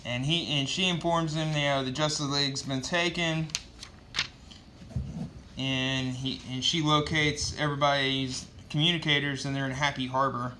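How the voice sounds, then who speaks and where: A man's voice: mid-range voice, fairly even intonation, normal speed, background noise. A man casually recapping a comic book issue with loose, profane storytelling and lots of fillers.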